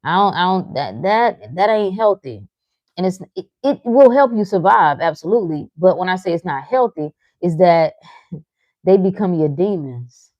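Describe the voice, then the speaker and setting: A woman hosts a live motivational talk, reading her chat's comments and teasing listeners with short laughs while speaking frankly and profanely. Her fairly low voice has lively intonation, a normal speed and a slightly mellow quality, with no echo.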